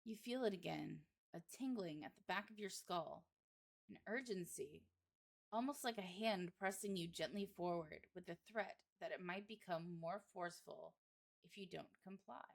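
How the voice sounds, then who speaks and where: A woman with a lowish voice reads a horror game aloud, narrating the story at an even pace. She keeps breaking off for dry, sarcastic side comments. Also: normal speed, creaky. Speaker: streamer.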